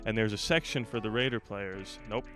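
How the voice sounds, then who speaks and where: Animated young man telling a story. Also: on the low side, fairly quick, music in the background. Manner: animated storyteller, acts out shouted quotes. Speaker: channel host. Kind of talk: storytime vlog.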